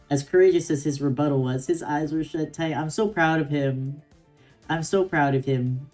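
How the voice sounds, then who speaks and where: A woman's voice: sits low, normal speed, a little mellow, faint music behind. A young woman streamer reading a game story aloud with giggly, chatty reactions.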